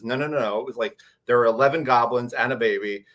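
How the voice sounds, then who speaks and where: A man's voice: medium pitch, fast. A man on a convention panel, animatedly telling a tabletop game story with many restarts. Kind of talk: casual panel chat.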